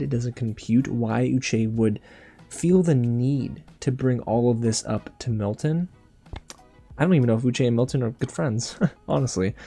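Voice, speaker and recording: Male recap host, mellow dark tone, chatty and gossipy, quick to laugh. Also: medium pitch. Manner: animated, gossipy, laughs often. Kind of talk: casual review monologue.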